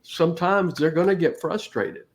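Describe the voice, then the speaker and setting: A man's voice: a little high, moderate pace. A middle-aged man co-hosting a casual talk show, telling a family story and laughing often. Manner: tells stories with laughs. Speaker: co-host.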